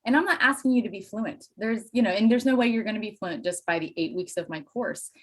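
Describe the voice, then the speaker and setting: A woman from Pennsylvania, a Spanish teacher and dairy farmer, chatting as an interview guest with enthusiastic, animated storytelling and self-deprecating asides. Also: medium pitch, quick pace, slightly rough. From Pennsylvania, USA. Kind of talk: casual interview chat.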